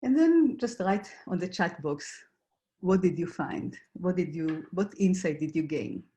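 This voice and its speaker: A woman who grew up in Israel, gently guiding a reflection exercise in an online workshop, with frequent pauses and fillers. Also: lowish voice, lively intonation. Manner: gentle, hesitant, many fillers. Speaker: workshop facilitator.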